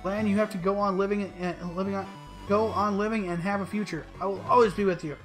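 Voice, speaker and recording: A man voicing a calm, loyal male digital companion who speaks softly and steadily. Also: high voice, quick pace, lightly acted. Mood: tender. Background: game music.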